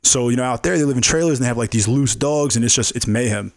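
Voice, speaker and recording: A man's voice: mid-range voice, quick pace, no room sound, studio quality. A man from New York City, a chef and podcast guest, telling a story in loose, rambling casual talk full of swearing and filler words.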